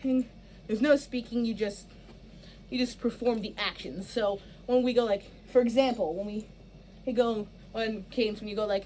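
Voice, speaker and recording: Woman, director type, rambling blocking notes, slightly high voice, faint background noise. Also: measured pace, mellow. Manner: rambling, filler-heavy, restarts often. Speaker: stage director. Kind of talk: casual rehearsal instructions.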